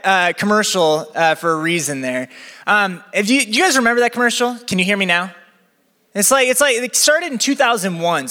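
A young man preaching a sermon as campus pastor, chatty and energetic with a live crowd. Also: high voice. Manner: energetic, chatty, acts out quotes. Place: church venue with balcony. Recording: long hall reverb.

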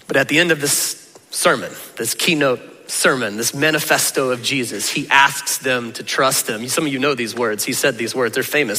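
A man preaching a lively, conversational sermon as a pastor, acting out the voices of Jesus and of the crowd. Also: medium pitch, normal speed. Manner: animated, conversational, acts out voices of Jesus and listeners. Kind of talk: energetic sermon. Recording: reverberant hall.

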